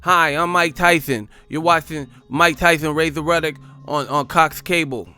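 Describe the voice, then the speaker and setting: A man's voice: steady tone, clear, resonant tone, faint music behind. A man doing an irritated heavyweight boxer impression. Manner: higher, louder, slow and halting.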